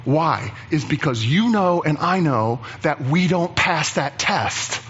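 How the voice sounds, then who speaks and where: A man preaching a sermon as pastor, animated and chatty, acting out the voices of Bible figures. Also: on the high side, slow pace, breathy edge, lo-fi sound.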